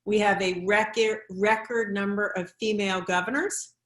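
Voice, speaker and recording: A woman's voice: mid-range voice, steady tone, normal speed. Woman, panel moderator, upbeat, mid-range voice, roomy echo. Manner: upbeat, warm praise, occasional restarts. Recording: echoey room.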